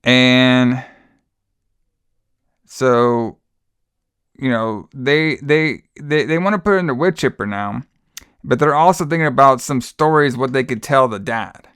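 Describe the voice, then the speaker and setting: A man's voice: medium pitch, unhurried, pauses often, a bit bright, clear, resonant tone, no echo, clean studio sound. A man co-hosting a podcast, recapping a film in casual, exasperated, profane chat with frequent sighs. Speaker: podcast co-host.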